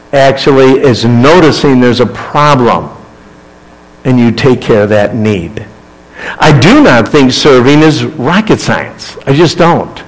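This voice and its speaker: A man's voice: medium pitch, low-quality recording. A male pastor preaching a sermon, reading scripture and acting out the quoted lines with rising emphasis.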